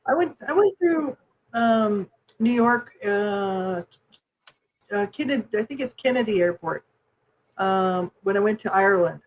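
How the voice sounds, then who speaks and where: A woman's voice: mid-range voice, a little slow, poor audio. A woman from New Mexico co-hosting a podcast, telling stories in a casual chat and acting out the people in them. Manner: animated storyteller acting out voices, laughs often. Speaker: podcast co-host.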